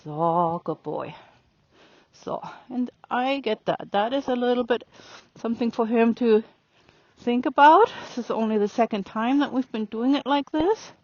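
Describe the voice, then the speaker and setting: A woman riding a horse and calmly explaining her training as she goes, pausing to speak softly to the horse. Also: a little high, no room sound. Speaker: riding instructor. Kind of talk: narrating while riding. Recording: dry, dull lo-fi sound.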